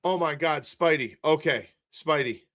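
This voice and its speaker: Man, sports stream host, excitable and frantic, slightly high voice, dry close sound. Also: a little slow, no room sound. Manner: excitable, frantic, repeats himself. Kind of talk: live-stream sports talk. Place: home studio, seated.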